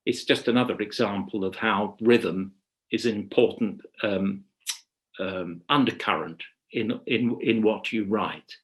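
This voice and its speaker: A man leading a webinar workshop on writing radio drama. He talks in a measured, reflective way and often pauses to rephrase. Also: lowish voice. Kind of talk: webinar lecture. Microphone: video call.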